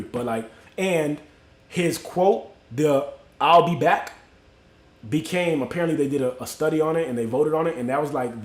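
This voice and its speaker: A man's voice: medium pitch, darkish tone, echoey room. A man from Miami hosting a livestream, telling a motivational story in loose, slangy street talk and greeting viewers by name. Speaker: livestream host.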